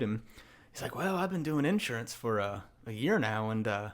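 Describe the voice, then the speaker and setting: A young man in his twenties, a podcast guest, telling a casual story with animated quoted voices and frequent laughter. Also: medium pitch, normal speed.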